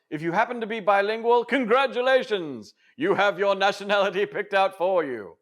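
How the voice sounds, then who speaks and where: A man giving scripted instructional narration as a festival trainer, in a theatrical, playful and courtly way. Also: a little high.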